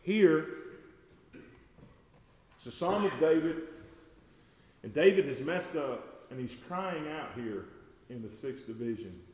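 A man preaching a sermon, folksy and talking to the congregation as y'all, growing loud and slow whenever he quotes scripture. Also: a little high, lively intonation. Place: church sanctuary. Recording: echoey church hall with long reverb.

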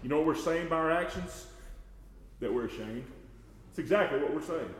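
A man preaching a sermon, folksy and talking to the congregation as y'all, growing loud and slow whenever he quotes scripture. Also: on the high side, animated. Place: church sanctuary. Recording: echoey church hall with long reverb.

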